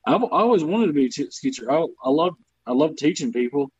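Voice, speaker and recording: A man's voice: a little high, lively intonation, fast, slightly rough, no echo, highs cut off. A man who grew up in the American South, telling stories as a comedian guest on a podcast in a casual, self-deprecating, profane way. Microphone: remote video call.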